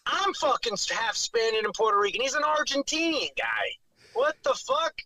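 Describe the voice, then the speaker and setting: A man's voice: very high voice, expressive, moderate pace, noisy background. A man from New York City with a strong New York accent, a fighter talking brashly and profanely as a guest on a podcast. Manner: brash, profane trash talk. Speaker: bare knuckle fighter, guest. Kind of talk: casual podcast interview.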